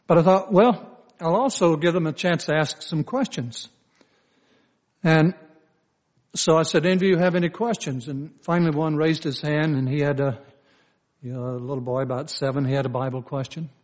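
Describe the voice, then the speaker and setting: Folksy older Southern preacher. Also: male voice, on the high side, a little mellow. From Southern United States. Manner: slow, folksy storytelling with frequent "you know, uh" fillers. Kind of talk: sermon.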